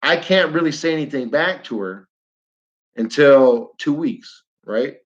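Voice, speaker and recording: This fired-up livestream rant comes from a New York-accented flat earther who speaks bluntly, says things more than once, and talks right to his audience. He has a fairly high, animated voice at a measured pace, and the sound is dull.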